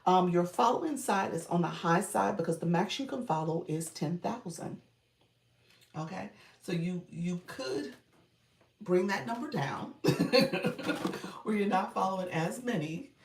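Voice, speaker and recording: A woman with a low, darkish voice is recorded from a distance, off-mic in an echoey room. During a live-stream coaching chat, she talks chattily with viewers, thanking them often and laughing easily.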